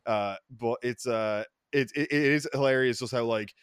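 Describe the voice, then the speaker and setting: A young Irish man telling stories in casual podcast chat, rambling and swearing, with lots of fillers and loud outbursts. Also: medium pitch, normal speed, smooth, no echo. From Ireland. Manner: profane, rambling, many fillers and restarts, loud bursts when excited. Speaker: podcast co-host.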